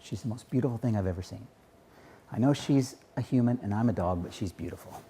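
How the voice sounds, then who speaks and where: A man voicing a smitten male dog who confides in a lowered voice. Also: quick pace, mellow, a little hiss or hum, lightly acted. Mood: confiding.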